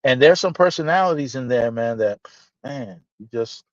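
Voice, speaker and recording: Animated, profane storyteller man. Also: mid-range voice, normal speed, no room sound. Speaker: podcast host telling a story. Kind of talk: casual storytelling chat. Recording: dull, slightly lo-fi dry sound.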